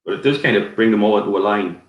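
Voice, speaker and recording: A man's voice: on the low side, quick pace. A man with a Geordie accent hosting a live whisky tasting, rambling through his tasting notes with plenty of fillers. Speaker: whisky society ambassador. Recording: roomy echo.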